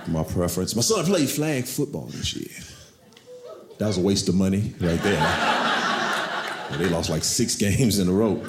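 A middle-aged man doing stand-up, telling animated stories about his kids and acting them out in high voices. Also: moderate pace, long pauses. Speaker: stand-up comedian. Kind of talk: stand-up comedy routine. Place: comedy club stage. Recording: echoey club with loud crowd noise.

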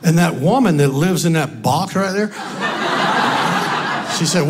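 A man's voice: on the high side, measured pace, pauses often. A man performing a stand-up comedy routine, laughing through his own punchlines as he tells the story. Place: club stage before a laughing audience. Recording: live club recording, loud crowd and noise.

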